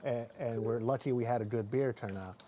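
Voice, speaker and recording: A man's voice: medium pitch, fairly quick, mellow, slight background noise. A man hosting a casual podcast chat, talking in a rambling, self-correcting, jokey way, with a mild speech impediment. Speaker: podcast host.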